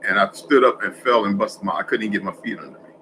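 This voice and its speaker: A man with a lowish voice vlogs in a fast, casual, rambling monologue, often correcting himself. He swings between loud stretches and hushed asides, with background noise audible.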